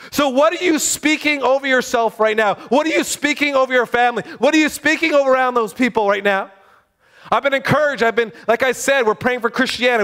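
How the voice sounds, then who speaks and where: Preacher, male, very high voice, fired-up sermon delivery. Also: a bit bright. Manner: fervent, exclaiming.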